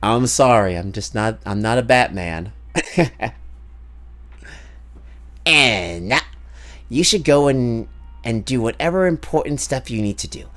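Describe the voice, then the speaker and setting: A man's voice: mid-range voice, lively intonation, slow pace, long pauses, a bit bright. A man streaming a game, chatting casually and joking, rambling with many fillers. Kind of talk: casual live-stream chat.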